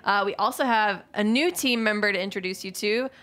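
A woman's voice: medium pitch, fairly quick, a bit bright. A young woman hosting a radio show in a studio, chatting casually and laughing often. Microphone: studio microphone.

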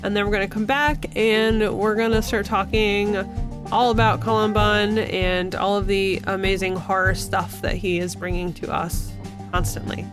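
A woman's voice: mid-range voice, fairly even intonation, moderate pace. A woman hosting a podcast, chatting in a casual, upbeat way. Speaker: podcast host. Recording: dry close mic with faint music.

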